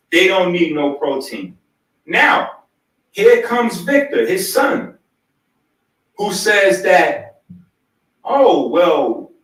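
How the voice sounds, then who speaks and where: A male host in a heated argument, insistently cutting in, then lecturing slowly and deliberately. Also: high-pitched, a bit bright, heavy reverb, recorded from a distance, rough recording. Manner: insistent, keeps cutting in to demand to be heard.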